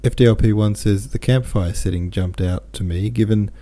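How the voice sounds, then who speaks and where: A man hosting a podcast, reading a classic novel chapter aloud and chatting about listener comments in relaxed, informal asides. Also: lowish voice, moderate pace. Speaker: podcast host and reader.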